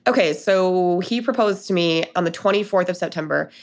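Guest spot: young woman from Denver, casual storyteller, slightly low voice, full of fillers. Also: moderate pace. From Denver, USA. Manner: chatty, many fillers and quoted dialogue. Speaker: guest telling her story.

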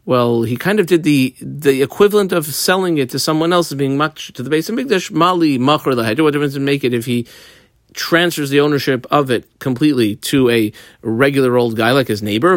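A man giving a daily Talmud lesson, explaining the page casually with everyday examples and frequent pauses. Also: medium pitch, dry recording, studio quality. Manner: halting, with frequent ums and restarts. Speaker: Talmud teacher.

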